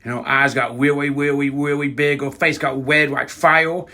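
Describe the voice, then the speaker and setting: A young man telling a crude comedic prank story in a rambling, deadpan way. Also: mid-range voice, moderate pace.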